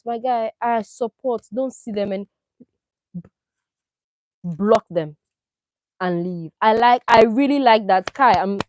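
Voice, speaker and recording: A woman talks through a reality dating show in a lively, opinionated way, throwing out rhetorical questions as she reacts. Her voice sits a little high. The recording is dry and close, with no room sound. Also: no room sound, poor audio. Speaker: reality TV commentator. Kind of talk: casual chat.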